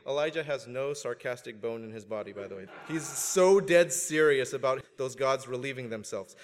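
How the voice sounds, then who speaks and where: A male pastor preaching a sermon, animated and joking at times, swinging up to loud emphasis. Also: medium pitch, moderate pace, hardly any pauses. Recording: long hall reverb.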